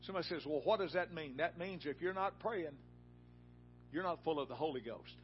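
A man preaching a sermon in a church, telling a folksy personal story that rises to loud, emphatic peaks. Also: on the high side, fairly quick, lo-fi sound, soft background music.

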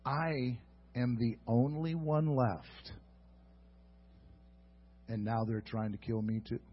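A man's voice: medium pitch, slow pace, slightly rough, muffled recording. A man voicing a weary, desperate male prophet who pleads his case in an aggrieved, insistent way.

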